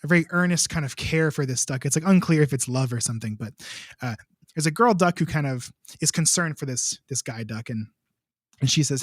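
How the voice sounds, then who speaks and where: A man's voice: fairly high pitch, a little fast, no echo, clean studio sound. A young adult man, a composer, telling a long story in a casual, rambling way, full of filler words. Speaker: composer, podcast guest.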